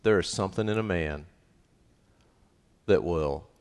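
Pastor, middle-aged man, low voice, emphatic with jokes, repeats key lines. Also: a little slow, a little mellow. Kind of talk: sermon.

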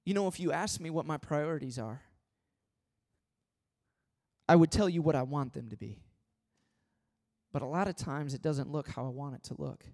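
A man preaching a sermon as pastor, swinging from loud pleading questions to hushed, earnest appeals. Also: on the high side, moderate pace, gravelly, long pauses.

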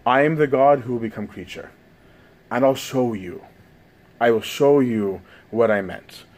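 A man's voice: medium pitch, unhurried, a little mellow. A man giving a conversational sermon, often asking "right?" as he goes. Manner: conversational, frequent "right?" tags.

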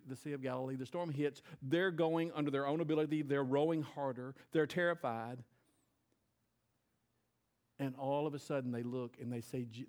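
A male pastor preaching a sermon on a stage mic, swinging between loud emphatic bursts and quiet, intense lines. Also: medium pitch.

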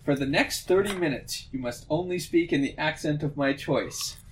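A man with a Canadian accent, co-hosting a podcast in casual chat and speaking in a hesitant, halting way. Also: fairly high pitch, slight background noise. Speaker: podcast co-host.

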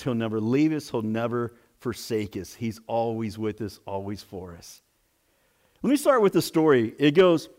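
A man's voice: mid-range voice, expressive, a little slow, a little mellow. A man, a pastor, delivering a sermon with dramatic storytelling.

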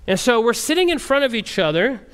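Missionary man, animated storyteller, high and very expressive voice. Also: brisk, smooth. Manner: animated storyteller, frequent restarts. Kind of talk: storytelling testimony talk.

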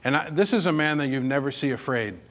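A man's voice: mid-range voice, expressive, fast, fairly bright tone. Conversational male preacher with emphatic peaks. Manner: conversational, personal storytelling with rising emphatic peaks. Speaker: pastor. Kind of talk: sermon.

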